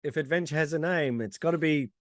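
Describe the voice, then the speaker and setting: High-voiced joking man, dry sound. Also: fast talker, no echo. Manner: agreeable, joking. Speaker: podcast co-host. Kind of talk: casual chat.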